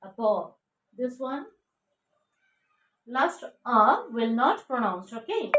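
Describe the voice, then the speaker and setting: Slow, echoey woman teaching sounds. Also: fairly high pitch, sing-song, fairly bright tone, recorded from a distance, slight background noise. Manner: repeats words slowly, spells letters, checks with "okay?". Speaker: English pronunciation teacher. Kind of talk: slow drilled pronunciation lesson. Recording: echoey room, a bit off mic.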